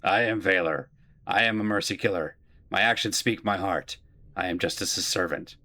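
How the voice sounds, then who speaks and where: A man's voice: low voice, moderate pace, sharp tone, voice pushed down. A man voicing a stern, zealous armored mercy killer who speaks in solemn, absolute declarations. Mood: unbending.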